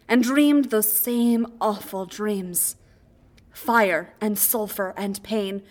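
A woman narrating a story as an audiobook. Her voice sits at a middling pitch and stays quiet and even. She reads steadily from line to line. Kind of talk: audiobook reading of fan fiction.

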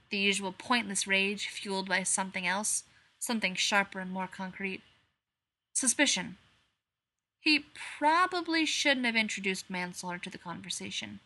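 A woman reads a dark story aloud in a measured way. Her voice is bright and clear, pitched in a middle range. She slows down on the grim passages. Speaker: reader. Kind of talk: dark fan fiction narration.

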